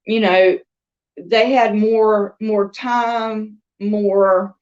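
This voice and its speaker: A woman's voice: mid-range voice, fairly even intonation, very slow, darkish tone, muffled recording. A woman with a Southern US accent telling a rambling, chatty story in a casual vlog, with laughs between thoughts. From American South. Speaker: crochet and doll vlogger.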